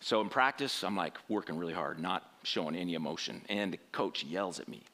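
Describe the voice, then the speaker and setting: A man's voice: deep voice, brisk, pushed and bright. A man preaching through a rambling personal story in a conversational sermon style, often checking in with "right?".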